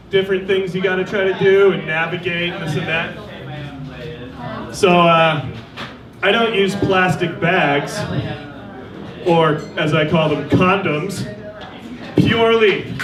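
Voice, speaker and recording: A man doing a stand-up comedy set on a stage mic, with a wry deadpan delivery and mock voices for the people he quotes. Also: high voice, distant mic. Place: live comedy venue. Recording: roomy live venue with crowd. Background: audience laughter.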